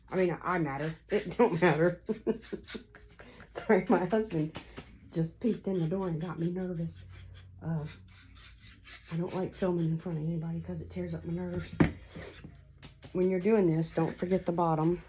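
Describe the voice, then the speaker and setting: A woman with a drawl chats through a home craft tutorial with an easy, rambling flow. Her voice sits low and mellow. A faint hiss runs underneath. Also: fairly even intonation, moderate pace, long pauses. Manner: chatty, rambling storyteller. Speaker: craft vlogger.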